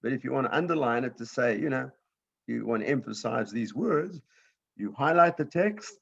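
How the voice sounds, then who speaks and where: A man's voice: medium pitch, lively intonation, normal speed, creaky, a bit bright, slightly rough, lo-fi sound. A man teaching a beginners' computer class, explaining step by step patiently and often checking in with "right?".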